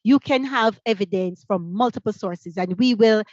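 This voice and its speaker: A woman with a Jamaican accent leading a teacher training workshop over a video call. She is energetic and fires off rhetorical questions. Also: mid-range voice, normal speed, no room sound, lo-fi sound. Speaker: workshop facilitator.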